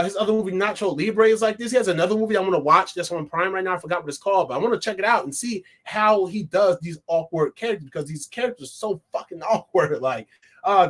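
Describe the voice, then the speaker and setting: A man giving a casual, rambling movie review full of fillers and frequent laughter. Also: sits high. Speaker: film reviewer.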